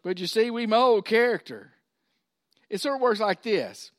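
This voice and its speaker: Man, middle-aged pastor, folksy preaching, high voice, dry sound. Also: very animated, moderate pace, no echo. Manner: folksy, conversational preaching with asides to the congregation. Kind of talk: sermon.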